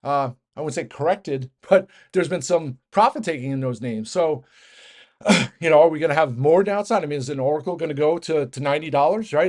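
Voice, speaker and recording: Man, rapid market rant, slightly high voice, rambling with restarts. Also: darkish tone. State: out of breath. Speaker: market commentator. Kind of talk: fast casual market rant.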